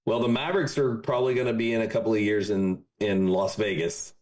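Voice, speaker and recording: A man's voice: lowish voice, fairly even intonation, brisk, darkish tone. A man in his forties from Texas, a podcast guest in casual chat, an easygoing, jokey storyteller. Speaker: podcast guest, marketing consultant.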